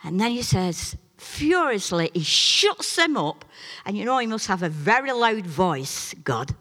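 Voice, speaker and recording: A middle-aged woman preaching a sermon and telling a personal testimony, swinging between loud, emphatic peaks and soft, chatty asides. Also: medium pitch, sing-song, a little slow. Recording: long reverb of a large hall.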